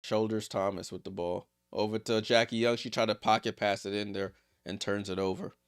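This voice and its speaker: A man streaming a live watchalong, giving casual play-by-play and chatting with viewers, voice jumping up on big plays and dropping low for side remarks. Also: a little fast, smooth. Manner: excitable, rises in pitch on big plays, drops low and quiet for side remarks; chatty, laughs and talks to the chat. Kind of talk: casual live play-by-play commentary with chat asides.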